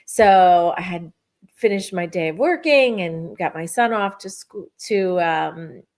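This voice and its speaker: A middle-aged woman telling a personal story in casual spiritual chat, animated and acting out her own thoughts. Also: on the low side, unhurried. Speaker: podcast co-host.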